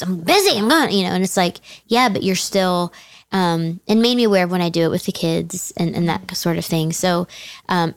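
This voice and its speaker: A middle-aged woman speaks in a lowish voice with a dry, close sound. Her talk is candid and self-deprecating, and she laughs often. It feels like a relaxed church podcast chat. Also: no room sound. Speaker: church women's teaching team member. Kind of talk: casual podcast conversation.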